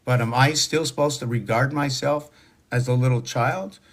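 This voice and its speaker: A man in his sixties delivers a meandering spoken monologue, drifting from topic to topic. His voice sits at an everyday middle pitch. He leans on rhetorical questions and a preachy, lecturing tone. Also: fairly even intonation, moderate pace. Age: 60s. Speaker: social media monologuist.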